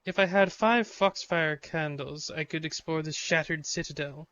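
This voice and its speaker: A man's voice: a little high, normal speed, fairly bright tone, clear, resonant tone, dull audio. A man streaming a video game live, reading its text aloud and reacting with sudden swearing.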